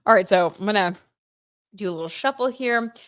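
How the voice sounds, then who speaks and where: A young woman casually chatting on a livestream, reading out viewer comments and reacting excitedly while doing tarot. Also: medium pitch, fairly quick, no room sound, clean studio sound.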